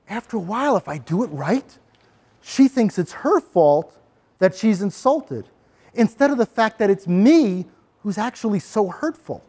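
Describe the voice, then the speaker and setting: A middle-aged man presenting an anti-bullying workshop to parents, animated and acting out scenes. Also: high voice, normal speed. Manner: animated, acts out scenes for the audience.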